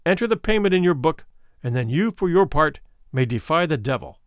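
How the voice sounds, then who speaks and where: A man voicing a smooth, worldly and ruthless male doctor who talks in a coolly persuasive, condescending way. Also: a little high, sing-song, fairly quick, dry recording.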